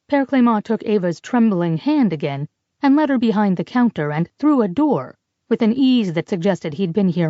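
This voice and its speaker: Warm, measured woman narrating. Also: medium pitch, dry recording. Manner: measured, steady storytelling. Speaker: audiobook narrator. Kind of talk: scripted narration. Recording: slightly dull dry recording.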